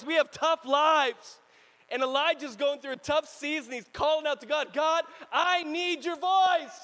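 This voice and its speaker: A male pastor preaching a sermon in an animated way, swinging between loud bursts and hushed stretches and laughing often. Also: very high voice, poor audio.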